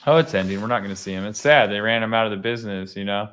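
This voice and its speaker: A laid-back young man chats casually on a podcast in a lowish voice. He laughs easily, swears freely and drops "bro" and "dude" throughout. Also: very fast, a bit bright, smooth. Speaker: podcast host. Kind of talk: casual chat.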